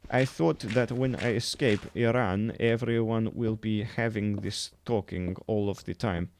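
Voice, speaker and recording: A man's voice: lowish voice, steady tone, measured pace, a little hiss or hum. A man doing an earnest, oversharing broken-English friend.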